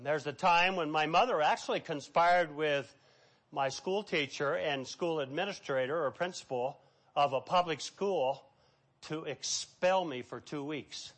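Middle-aged pastor, male, high voice, emphatic preaching with big loud-soft swings. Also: unhurried. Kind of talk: sermon.

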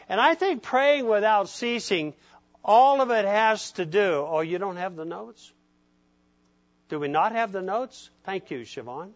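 A man's voice: fairly high pitch, fairly bright tone. A male pastor giving a conversational sermon in a folksy way, often checking in with his listeners. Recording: dull lo-fi recording.

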